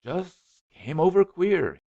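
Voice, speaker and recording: A man's voice: sits high, big pitch swings, slow pace, creaky, dark tone, pitched above the performer's own voice, exaggerated voice. A man voicing a sly, stubborn eleven-year-old boy, on a dull lo-fi recording. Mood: wheedling. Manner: firm, wheedling.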